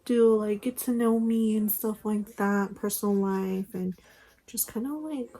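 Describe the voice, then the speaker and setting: A woman's voice: mid-range voice, unhurried, dark tone, low-quality recording. A young woman chatting casually through a makeup tutorial, rambling with lots of fillers, recorded on a phone at home. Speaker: beauty vlogger. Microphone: phone camera.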